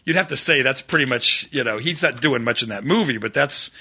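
A man co-hosting a podcast, chatting casually and telling animated movie stories with laughs. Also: medium pitch, fairly quick, husky. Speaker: podcast co-host. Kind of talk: casual chat.

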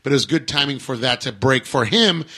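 A man co-hosting a casual podcast chat about comics, talking in quick asides with many restarts. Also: medium pitch, expressive, a bit bright, husky. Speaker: podcast co-host.

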